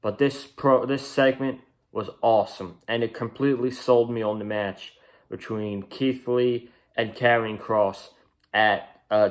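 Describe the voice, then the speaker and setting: A young man giving a casual, rambling and opinionated review of a wrestling show, often restarting his sentences. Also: lowish voice.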